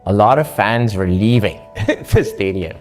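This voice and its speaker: A man with an accent telling his story to a coach in an earnest, halting conversational way, with frequent fillers. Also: fairly low pitch, animated, faint music behind. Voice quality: speaks with an accent. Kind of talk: casual conversation.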